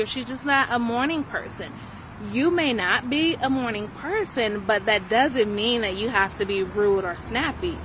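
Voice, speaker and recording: Woman, young adult, self-healing teacher, casual motivational talk, unhurried delivery, outdoor recording with steady traffic noise. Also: on the high side, low-quality recording. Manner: conversational, checks in with "right?" often.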